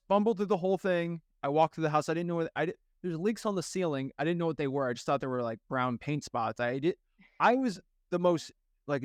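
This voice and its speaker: A young man tells his story as a guest, energetic and quick to act out what others said. His voice comes through smooth and resonant. The sound is dry and close. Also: medium pitch, dry recording. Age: young adult. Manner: energetic, quotes people in animated voices. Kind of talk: casual storytelling.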